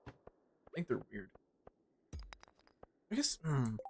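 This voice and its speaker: A man's voice: medium pitch, creaky, a little hiss or hum. A man chatting casually on a livestream, swearing a lot and rambling in a joking way. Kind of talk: casual stream chat.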